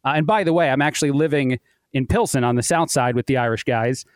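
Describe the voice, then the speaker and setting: A man's voice: medium pitch, quick pace, no room sound, studio quality. A man in his thirties, a podcast guest, telling a long personal story in a chatty way and laughing at his own tale. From United States. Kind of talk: casual storytelling.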